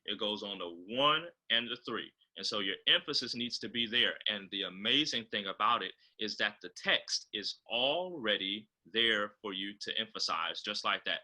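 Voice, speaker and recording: Over a video call, a composer and choral director with a lowish voice explains choral diction, often pausing on fillers. His delivery is expressive with a sharp edge, and the recording is rough.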